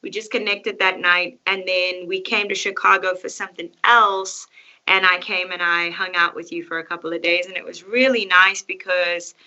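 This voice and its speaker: A woman's voice: on the low side, fairly even intonation, normal speed, sharp tone. A woman singer, a podcast guest, talking in casual chat in an earnest, grateful and reflective way. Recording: slightly muffled lo-fi sound.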